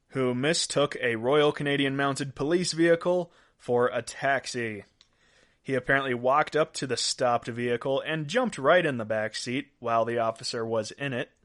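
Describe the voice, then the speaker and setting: A man's voice: medium pitch, fairly bright tone. A man hosting a podcast, reading out weird news stories in a casual way and laughing at his own jokes. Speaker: podcast host.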